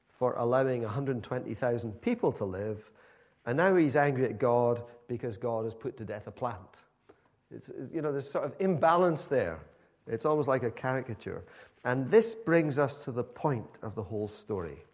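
A man preaching a sermon in a conversational, emphatic storytelling manner. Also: medium pitch.

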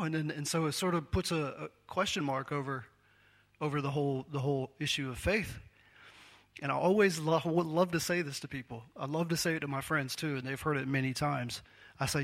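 A man's voice: fairly high pitch, moderate pace, gravelly, fairly bright tone. A man preaching a sermon in a conversational, self-deprecating way, laughing often.

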